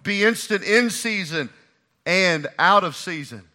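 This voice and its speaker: A man preaching a sermon, driving home repeated phrases and swinging from hushed lines to shouted ones. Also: high voice, lively intonation, measured pace. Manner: repeats and drives key phrases.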